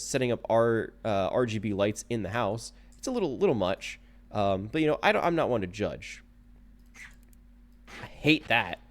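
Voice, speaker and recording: A man streaming a horror game live, talking to himself with jokey, animated commentary while keyboard clicks sound behind him. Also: medium pitch.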